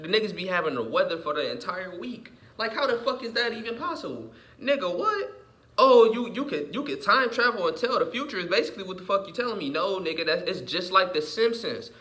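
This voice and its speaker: A man delivering an unscripted, heated, profane monologue rant as a vlogger, repeating himself and swinging between muttering and yelling. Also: high-pitched, slight background noise.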